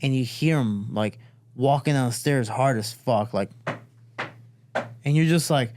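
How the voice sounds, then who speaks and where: A man's voice: medium pitch, a little slow, background noise. A man from Chicago telling a family story in casual conversation, acting out the people he quotes. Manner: animated, acts out quotes with a raised voice. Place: studio.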